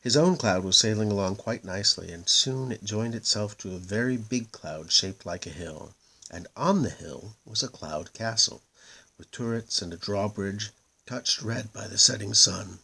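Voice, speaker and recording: A man reading a children's story aloud in a gentle, expressive way. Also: lowish voice, moderate pace, gravelly, husky. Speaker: narrator.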